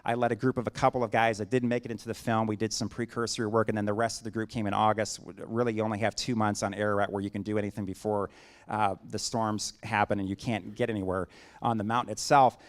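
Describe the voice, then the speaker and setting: A man's voice: lowish voice, little pitch movement, fast talker. Middle-aged male preacher, storytelling sermon, acts out dialogue, builds to emphatic points. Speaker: guest preacher.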